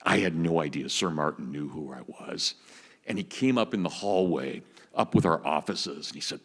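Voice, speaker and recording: Man in his fifties, very low husky voice, eager storytelling lecturer, reverberant auditorium. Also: expressive, fairly quick, fairly bright tone. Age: 50s. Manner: enthusiastic storyteller. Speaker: guest lecturer. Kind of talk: public lecture with anecdotes.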